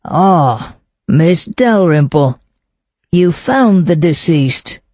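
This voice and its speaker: Dour fifties inspector, slow and skeptical, mellow dry sound, by the narrator. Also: medium pitch, no room sound, highs cut off, natural voice. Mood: stolid. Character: gloomy, suspicious police inspector around fifty.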